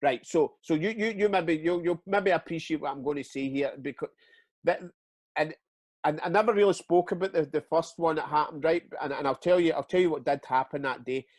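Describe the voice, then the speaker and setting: A retired Scottish footballer spins yarns in a relaxed interview, cursing freely and frequently tripping over and repeating his words. His voice is on the high side, fairly quick and slightly mellow, captured in a dry recording.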